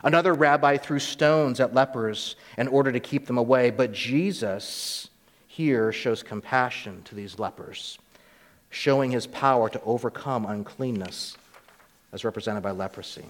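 In a large hall, a man with a medium-pitched, slightly slow voice preaches a sermon conversationally. Now and then he acts out the voices of biblical figures in the story.

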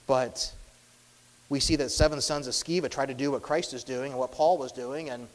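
A man's voice: mid-range voice, steady tone, moderate pace, long reverb tail, rough recording. A man preaching a sermon as pastor, acting out the quoted lines of demons with dramatic rises in his voice.

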